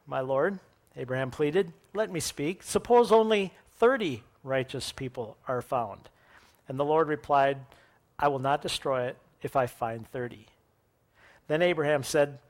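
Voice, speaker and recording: A man with a slightly high voice delivers a sermon. He reads scripture aloud and then unpacks it in a plain, conversational teaching tone, catching and fixing his own slips along the way. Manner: reads scripture then explains it, with self-corrections. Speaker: preacher.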